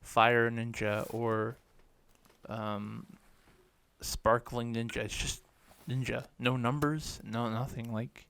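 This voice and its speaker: A man's voice: medium pitch, level tone, slow pace, vocal fry, a bit bright, clear, resonant tone. A man co-hosting a podcast in casual chat, making offhand, dry asides. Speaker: podcast co-host.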